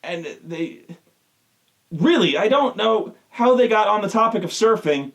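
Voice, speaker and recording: A man's voice: sits high, lively intonation, a little slow, vocal fry. Exasperated swearing man ranting. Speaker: show host. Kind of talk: profane rant.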